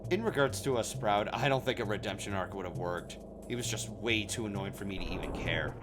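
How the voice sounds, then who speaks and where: A man's voice: lowish voice, brisk, background noise. A man streaming a video game, chatting casually and rambling, swearing when things go wrong. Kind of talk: casual gameplay commentary. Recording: game music playing clearly under the voice. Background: game music.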